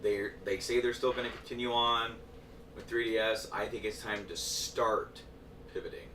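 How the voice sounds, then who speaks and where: Guest guy talking games, kinda low voice, noisy echoey room, mic far away. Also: fairly even intonation, moderate pace, bright, forceful tone. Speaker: podcast guest. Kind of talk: casual podcast chat.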